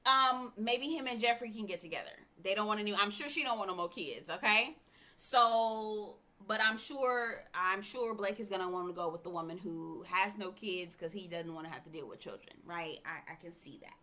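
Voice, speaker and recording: Bright-voiced woman reviewing TV bluntly. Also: mid-range voice, moderate pace. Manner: blunt, frank and chatty. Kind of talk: casual opinionated commentary.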